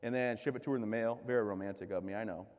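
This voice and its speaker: A man in his thirties from the United States giving a keynote speech as a string of comic stories, joking and poking fun at himself, with lively voices for the people he quotes. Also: fairly low pitch, racing. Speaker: keynote speaker. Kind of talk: comedic storytelling speech. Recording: reverberant hall.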